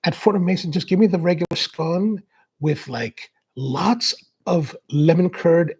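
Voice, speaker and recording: Gravelly guy rambling on a coffee stream, lots of "like", kinda husky. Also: a little high, a little slow, darkish tone. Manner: rambling and chatty, full of "like". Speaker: coffee show host. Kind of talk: casual livestream chat answering viewer comments.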